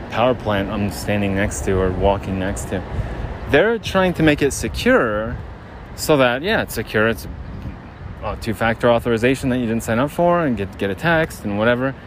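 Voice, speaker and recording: A podcast host with a somewhat low voice rambles casually while out of breath on a brisk walk down a city street, restarting his sentences again and again. He's near a generator, and faint street and traffic noise can be heard around him.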